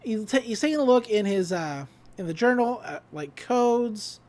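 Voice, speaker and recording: A woman's voice: fairly high pitch, moderate pace. A woman casually recapping a cartoon episode, acting out the characters' lines with frequent laughs. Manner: animated retelling, acts out quotes, laughs often.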